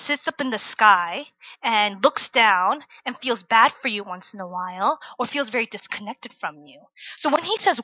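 A young woman preacher from Virginia, USA gives a casual, chatty sermon to students in a voice on the high side. She keeps tagging her points with "right?" and "like." The audio is dull, with no echo.

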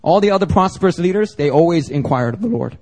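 A pastor from Philadelphia preaching a sermon to a congregation, emphatic and conversational, with slangy asides. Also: male voice, on the high side, expressive, fast talker, darkish tone. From Philadelphia, United States. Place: church service before a congregation.

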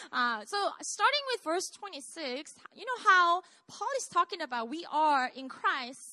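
A woman's voice: high-pitched, pushed and bright, no room sound. A woman pastor with a Korean accent, preaching a live sermon to a congregation in a chatty, self-deprecating way and often asking them questions.

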